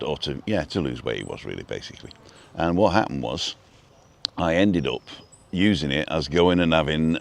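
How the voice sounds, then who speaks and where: Guy, really deep voice, rambling live stream chat on a selfie stick phone while out walking. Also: vocal fry. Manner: rambling, chatty, greets viewers by name. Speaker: vlog host. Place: outdoors, walking down a street.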